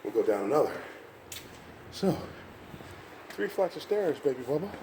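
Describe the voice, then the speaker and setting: Older guy vlogging on the stairs, a bit winded, pumped up, pitch all over the place, lots of outdoor noise. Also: very animated, normal speed. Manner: upbeat, coaxing, talks straight to viewers. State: slightly winded. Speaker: fitness vlogger. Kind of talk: motivational vlog while climbing stairs.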